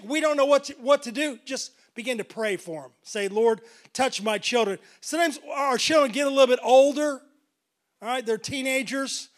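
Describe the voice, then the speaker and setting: A man's voice: sits high, fairly bright tone. A middle-aged pastor preaching a sermon earnestly, often repeating words as he builds emphasis.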